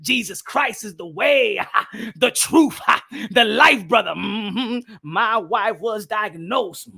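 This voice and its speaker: A man doing a shouting, huffing preacher. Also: high voice, vocal fry, breathy edge, exaggerated voice. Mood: fervent. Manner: preachy, drawn-out, shouting with huffs. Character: fervent shouting male preacher. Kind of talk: mock sermon.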